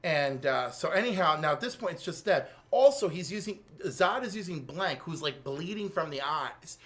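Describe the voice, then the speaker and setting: American guy, kinda high voice, animated comic recap, does the character lines. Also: moderate pace. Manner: animated storyteller, acts out character lines with big pitch jumps. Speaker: co-host. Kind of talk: casual comic book recap.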